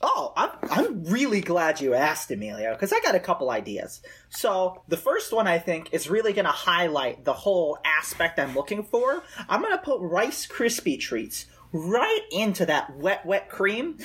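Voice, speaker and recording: A man co-hosting a comedy podcast, delivering a mock sales pitch with hesitant ums. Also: huge pitch swings, normal speed, few pauses, a bit bright. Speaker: podcast co-host.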